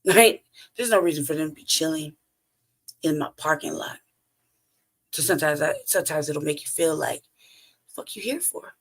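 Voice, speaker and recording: Podcast host, male, rough gravelly voice, casual profane storyteller who laughs between lines. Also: fairly high pitch, fairly even intonation, moderate pace, long pauses, fairly bright tone. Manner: profane, blunt, laughs often between phrases.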